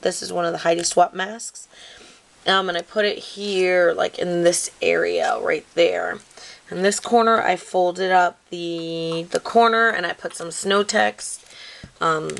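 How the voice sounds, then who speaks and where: A woman's voice: fairly low pitch, gravelly, a bit bright, a little hiss or hum. A woman casually walking through her scrapbook craft project, rambling with lots of "like" and "um". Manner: rambling, many fillers like "like" and "um"; apologetic about filming mishaps. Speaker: craft video maker.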